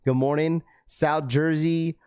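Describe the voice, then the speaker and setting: A man's voice: fairly high pitch, fairly even intonation, slow, darkish tone, clean tone. A man hosting a casual livestream, greeting viewers by name. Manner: laid-back, many fillers, greets viewers by name. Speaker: livestream host.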